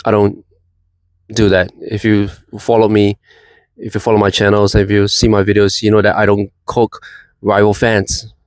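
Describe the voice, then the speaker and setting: A man's voice: on the low side, monotone, normal speed, no room sound, low-quality recording. A man who runs a football fan channel, talking casually in a reaction vlog with easygoing banter.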